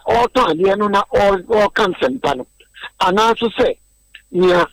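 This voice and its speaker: A man's voice: high voice, expressive, normal speed, no room sound, poor audio. A man explaining a topic earnestly on a radio discussion, often repeating words as he goes.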